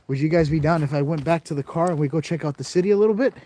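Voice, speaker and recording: A man's voice: a little high, very fast, dark tone. A man hosting a live stream outdoors on a cold night, joking with viewers while sniffly and coughing from the cold, talking into a handheld camera. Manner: chatty, jokey, talks straight to viewers. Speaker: live-streaming ghost-hunting host. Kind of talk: casual live-stream chat.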